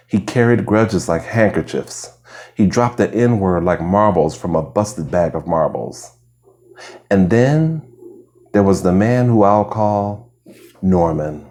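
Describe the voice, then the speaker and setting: A man with a very low voice reads essays aloud for ASMR listeners. His delivery is slow and hushed, drifting into whispers at times, on a plain lo-fi recording. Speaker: reader. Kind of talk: soft ASMR reading of essays. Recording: lo-fi home recording.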